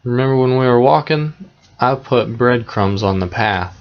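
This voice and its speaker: A man's voice: medium pitch, moderate pace, close to an everyday voice. A man voicing a brave young boy who steadily reassures his scared sister, on a dull lo-fi recording. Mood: reassuring.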